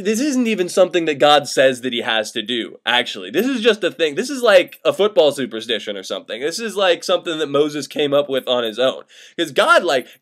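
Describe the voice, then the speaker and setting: A man's voice: a little high, fairly bright tone. A young man retelling an old myth as profane comedy, sarcastic and exasperated, swearing freely. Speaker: comedic storyteller.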